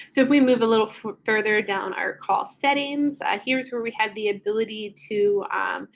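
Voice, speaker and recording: A woman leads a casual product training session, narrating each step on screen. Her speech is loose and friendly, with frequent ums and restarts. The audio is slightly dull and lo-fi. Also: mid-range voice. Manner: casual, many ums and uhs while clicking through. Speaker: software trainer. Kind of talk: screen-share product walkthrough.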